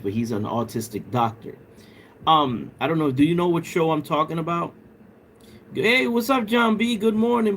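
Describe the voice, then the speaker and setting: A man's voice: mid-range voice, a little hiss or hum. A man hosting a livestream, casually chatting with viewers and joking around, laughing often. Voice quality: bald. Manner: joking, laughs often, mimics a British accent. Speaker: livestream host. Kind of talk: casual livestream chat reading viewer comments.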